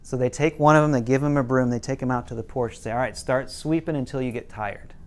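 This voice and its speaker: Speaking fast with fairly even intonation, a middle-aged parenting-class teacher tells a casual story full of quoted lines. He drops his voice to quote parents and children and occasionally restarts sentences.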